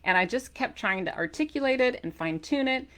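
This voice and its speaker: A middle-aged woman, an author talking animatedly to camera about her diet, playful and given to loud emphatic bursts. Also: high voice, expressive, a little fast. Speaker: author and keto diet coach. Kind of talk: energetic talk to camera.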